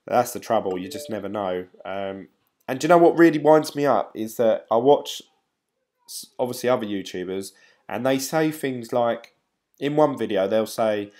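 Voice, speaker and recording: A man's voice: fairly low pitch, expressive, moderate pace, a little mellow. A middle-aged man hosting a casual live stream. He rambles in a chatty way and reads out viewer comments. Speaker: crypto YouTuber, live-stream host.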